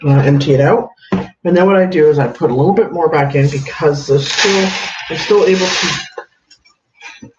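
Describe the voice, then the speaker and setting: Speaking at a moderate pace with long pauses, a man with a higher voice hosts a casual home livestream. He works at a counter and greets viewers by name; the room echoes and the lo-fi sound is dull with a faint hiss.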